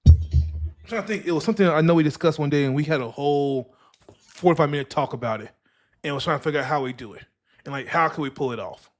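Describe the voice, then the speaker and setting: Higher-voiced man hosting a casual podcast. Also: fast, a little mellow, faint music behind. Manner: loose, rambling, with many restarts and fillers. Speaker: podcast host.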